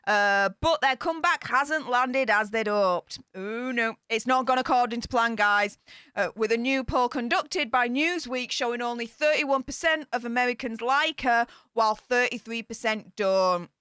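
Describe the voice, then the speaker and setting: Excitable british woman ranting on a live stream, kinda high and bright, shrieks then mutters. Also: normal speed, clear, resonant tone, dry recording, studio quality. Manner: excitable, scornful, swings between shrieks and mutters. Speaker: royal news commentator.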